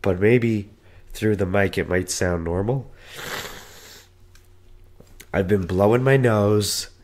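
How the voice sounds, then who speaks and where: A man with a sick, hoarse voice hosting his own podcast in casual talk, swearing and running himself down. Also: lowish voice, slow pace, a little mellow. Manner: self-deprecating, swears casually. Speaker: podcast host. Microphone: podcast mic.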